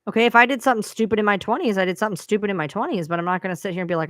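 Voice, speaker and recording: A woman's voice: mid-range voice, animated, rapid-fire, fairly bright tone, no echo, clean studio sound. A woman hosting her own live stream, venting to viewers in a frustrated, profane rant. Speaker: livestream host.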